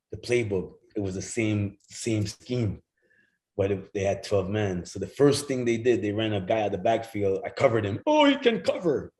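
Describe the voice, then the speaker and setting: A man's voice: lowish voice, darkish tone, poor audio. A middle-aged man from Jamaica, a former football player, telling casual stories as a guest, acting out other people's lines, swearing freely and laughing often. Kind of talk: casual storytelling.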